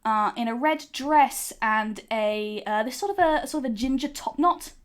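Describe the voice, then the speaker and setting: A woman running a tabletop game as game master, with a fairly high voice. She narrates hesitantly and leans on ums and uhs. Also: normal speed.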